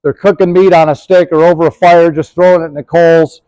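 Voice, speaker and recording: A man's voice: on the high side, fairly even intonation, a little fast, mellow, clear, resonant tone, no room sound, rough recording. A middle-aged man giving a casual, rambling demonstration of his gear outdoors beside his horse, with lots of fillers. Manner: folksy, rambling, many fillers. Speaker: historical horse trekking presenter.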